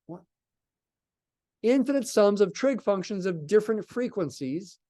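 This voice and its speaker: This math lecturer speaks in a high-pitched, warm voice, animated yet unhurried, raising it slightly to address his calculus class. He reasons out loud, breaks off and starts again, and poses questions only to answer them himself, like an unscripted classroom lecture.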